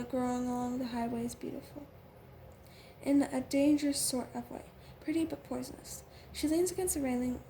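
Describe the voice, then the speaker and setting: A woman narrates a novel in the first person, stumbling often over fillers and restarts. Her voice sits high. A faint hiss runs beneath the reading. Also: mellow. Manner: halting, with frequent fillers and restarts. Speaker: audiobook reader.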